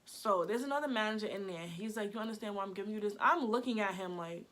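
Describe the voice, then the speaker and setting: A young woman telling a storytime vlog in a chatty, animated way, peppered with "like". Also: mid-range voice, fast, few pauses. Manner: chatty, animated, heavy use of "like". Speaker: vlogger.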